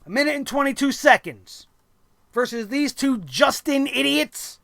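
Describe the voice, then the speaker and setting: A man's voice: very high voice, animated, a little slow, vocal fry, fairly bright tone, dry recording, clean studio sound. A man hosting a wrestling review show, ranting bluntly and sarcastically with plenty of swearing.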